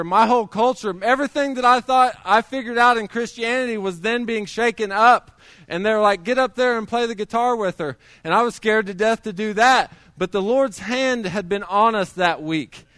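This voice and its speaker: A man's voice: high-pitched, a bit bright, smooth, no room sound, clean studio sound. A middle-aged man preaching a sermon, telling his testimony in a conversational way with many restarts.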